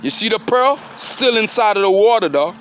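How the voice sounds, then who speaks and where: High-voiced man preaching a grandiose monologue. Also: animated, normal speed, a bit bright, a little hiss or hum. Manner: preachy, grandiose, keeps asking rhetorical questions. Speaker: self-styled spiritual speaker. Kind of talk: rambling monologue to camera.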